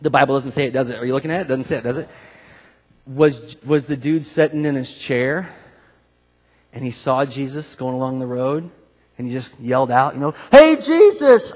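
A man preaching a sermon in a conversational, animated way, acting out voices of people he quotes. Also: medium pitch, moderate pace, long pauses. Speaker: pastor. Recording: long hall reverb.

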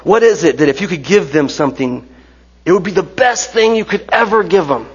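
A man's voice: high voice, animated, fairly quick, breathy edge. A man in his forties preaching a sermon in a church, conversational, with joking asides and rhetorical questions. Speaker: pastor. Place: church sanctuary. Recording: dull sound with long hall reverb.

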